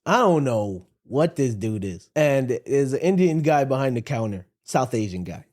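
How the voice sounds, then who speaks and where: A man co-hosting a podcast, telling a story in a casual chat and acting out what other people said. He talks in quick bursts, full of restarts and "like.". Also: medium pitch, big pitch swings, a little mellow. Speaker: podcast co-host.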